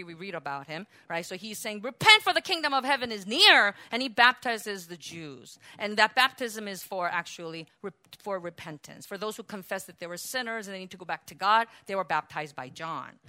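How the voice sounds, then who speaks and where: A woman preaching a sermon, moving between quiet explaining asides and loud, emphatic, rising outbursts. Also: medium pitch, no room sound.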